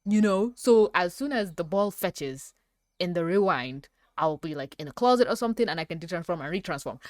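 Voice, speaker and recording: A woman reacting to a cartoon episode as a reviewer, swearing and ranting between fits of laughter. Her pitch leaps up and down all the time. The sound is dry and close, with no room echo. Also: expressive, fairly quick, darkish tone. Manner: profane, laughing often, rants. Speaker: animated series reviewer.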